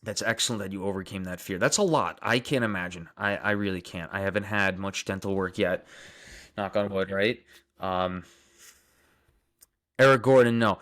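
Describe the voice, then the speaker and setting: A man's voice: on the low side, measured pace, long pauses, a bit bright. A young man with a Long Island accent hosts a live stream, reading out viewer comments and answering them casually. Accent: Long Island New York. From Long Island, New York. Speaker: dentist livestream host.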